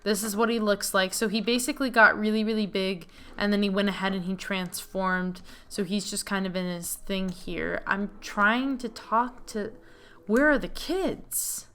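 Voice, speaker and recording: A young woman giving casual let's play commentary, chatty and excitable, reading game lines aloud. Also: medium pitch, normal speed, few pauses, smooth. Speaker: gaming video host.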